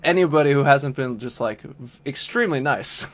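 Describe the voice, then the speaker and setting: Easygoing male podcast host, middle pitch, relaxed, conversational. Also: normal speed. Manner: relaxed, laughs often, restarts words. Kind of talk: casual podcast interview.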